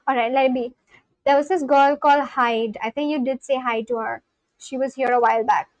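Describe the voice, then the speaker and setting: Young woman streamer, high voice, unhurried, dry close mic, casual chat with viewers. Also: no room sound, poor audio. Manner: chatty, thinks aloud, sounds out foreign words slowly. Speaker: language-learning livestreamer.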